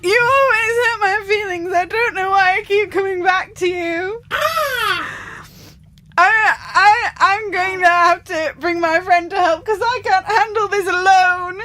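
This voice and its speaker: A woman's voice: very high voice, flat delivery, normal speed, few pauses, a bit bright. A young woman improvising a weepy, touchy nosy neighbour who sobs and wails in self-pity. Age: young adult. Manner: sobbing, wailing, self-pitying. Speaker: improv performer. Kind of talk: improv comedy.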